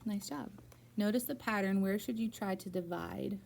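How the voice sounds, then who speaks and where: Woman tutoring phonics, patient and encouraging, a bit gravelly, faint hiss behind. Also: medium pitch, moderate pace, darkish tone. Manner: patient, encouraging, step-by-step prompting. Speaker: reading teacher.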